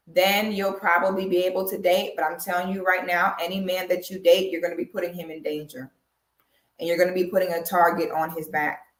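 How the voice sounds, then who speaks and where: A woman giving blunt, emphatic casual commentary to a live audience, calling her viewers girl and y'all, from her home. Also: lowish voice. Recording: echoey room.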